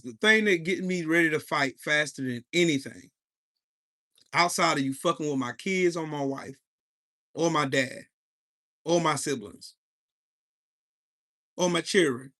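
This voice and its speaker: A podcast host in his forties tells a heated, profanity-filled story on a live show, pausing to greet his chat. His voice is pushed and bright, pitched a bit higher than most men's.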